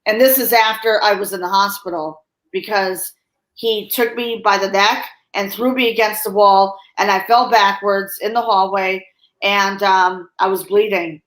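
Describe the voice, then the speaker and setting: A woman's voice: medium pitch, fairly even intonation, measured pace, fairly bright tone. A woman hosting a podcast interview, answering her guest with sympathetic, brief affirmations. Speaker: podcast host. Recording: echoey room.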